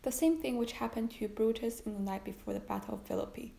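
A woman's voice: a little high, steady tone, fast talker, gravelly, warm tone, reverberant. Woman reading as a grave, fatalistic count. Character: brooding aristocratic nobleman, grave and fatalistic.

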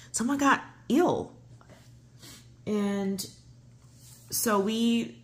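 A middle-aged woman telling a travel story while she colors, rambling with lots of fillers and restarts, and getting excitable. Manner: excitable, voice jumps high when giddy. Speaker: coloring channel host. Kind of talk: casual chat while coloring.

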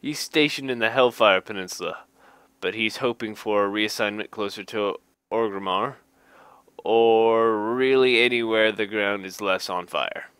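A man with a slightly low voice reads game card text slowly and casually. He cracks jokes, laughs at them, and drops dry little asides. The sound is close and dry, with no room echo. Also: fairly bright tone, clean tone. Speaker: gaming YouTuber reading card flavor text. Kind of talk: casual comedic reading.

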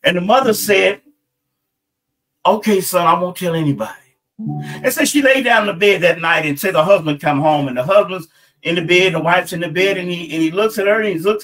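A man preaching a sermon, telling a family story with halting, repeated words and voicing the people in it. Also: fairly bright tone, poor audio. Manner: halting, repeats words, rises into higher pitch for quoted voices.

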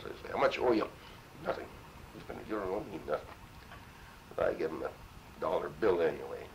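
A man's voice: sits low, vocal fry, a little hiss or hum, poor audio. A man in his seventies from Minnesota, a war veteran telling his story in an oral history interview, salty and full of cursing. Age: 70s. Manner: salty, profane, animated storyteller.

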